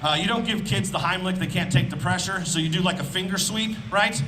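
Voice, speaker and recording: A man from Indiana works an outdoor festival crowd with a stand-up set, his voice pitched high and bright with a forceful edge. He talks loud and animated, throwing some punchlines out as shouts into a handheld stage mic. Faint outdoor ambience sits behind him. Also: a little fast, slight background noise, rough recording. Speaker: stand-up comedian.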